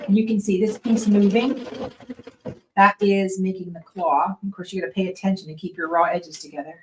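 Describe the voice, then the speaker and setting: A woman's voice: mid-range voice, moderate pace, a little hiss or hum. Chatty woman teaching a sewing class. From Western Pennsylvania. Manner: chatty, explains step by step with frequent "right?" and "okay?". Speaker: sewing instructor. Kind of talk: casual sewing tutorial.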